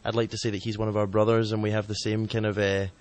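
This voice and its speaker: Deep-voiced bassist, measured. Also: male voice, flat delivery, darkish tone. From Scotland. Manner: measured, hesitant. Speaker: band bassist. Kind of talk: casual interview answers.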